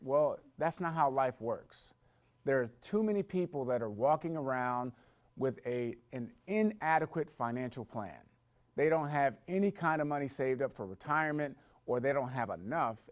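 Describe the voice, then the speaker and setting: A man telling a personal story in a conversational way, then building to emphatic points as a motivational talk. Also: medium pitch.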